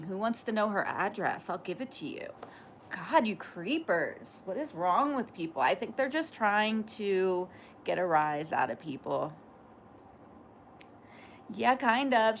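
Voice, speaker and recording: A woman's voice: medium pitch, slight background noise. Rambling woman streamer chatting with viewers. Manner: rambling, filler-heavy, talks back to chat. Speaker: livestreamer reading chat. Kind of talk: casual livestream chat.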